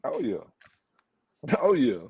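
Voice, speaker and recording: A man's voice: mid-range voice, huge pitch swings, slow, vocal fry, breathy edge, no echo. A man guesting on a sports talk show, laid-back and laughing in casual banter, over a dull remote line. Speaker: guest, former football player.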